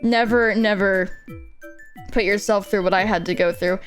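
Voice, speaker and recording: A woman's voice: mid-range voice, normal speed, soft background music. A woman streamer and commission artist telling a story casually while she draws, rambling and swearing, with "like" in almost every line. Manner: rambling and profane, heavy use of "like", animated retelling.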